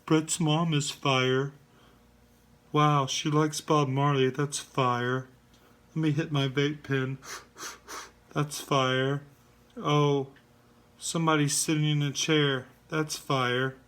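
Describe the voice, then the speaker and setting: Brief: man mimicking a smug, dazed young guy, slow and lofty, voice raised high. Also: flat delivery, a bit bright, clean tone. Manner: mocking impression, smug and dazed. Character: smug, spaced-out young man who calls everything fire.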